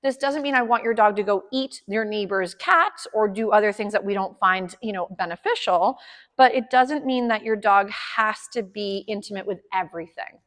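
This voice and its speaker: A woman's voice: mid-range voice, normal speed, a bit bright, in a large hall. A woman dog trainer explaining a session to her clients, upbeat, chatty and encouraging.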